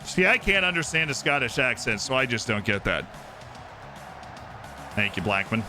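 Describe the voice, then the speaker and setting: A man live-streaming a football manager game, commenting on the match like a sports caster and bursting into shouts at goals. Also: medium pitch, big pitch swings, normal speed. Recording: game music clearly playing behind. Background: game music.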